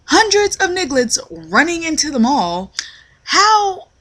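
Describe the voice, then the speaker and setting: A woman's voice: high-pitched, takes it slowly. Ranting young woman. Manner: animated storytelling, acts out quotes; profane, slangy. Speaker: retail worker. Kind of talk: casual rant vlog.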